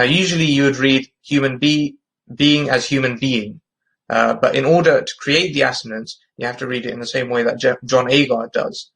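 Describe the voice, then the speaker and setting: A man's voice: medium pitch, creaky, a bit bright, low-quality recording. A man with a London accent explaining a topic in a patient, methodical lesson. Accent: London English. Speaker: English tutor.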